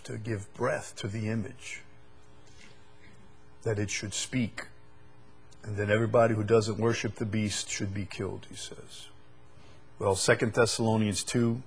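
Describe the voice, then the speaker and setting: Husky preacher swinging loud to low. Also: male voice. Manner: swings from loud emphatic preaching to low quiet scripture reading. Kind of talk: sermon.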